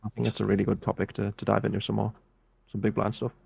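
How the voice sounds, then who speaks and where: A British man coaching poker in a relaxed, step-by-step way over a video call. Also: lowish voice, fast talker, vocal fry, slightly rough, no room sound. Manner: relaxed, explains step by step with filler "yeah". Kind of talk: casual coaching explanation. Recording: tinny phone-like call audio.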